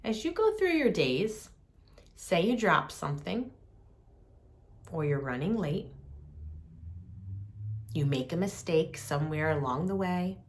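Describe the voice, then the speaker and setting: Woman host, slow gentle talk about compassion, lowish voice, lots of soft pauses. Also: very animated.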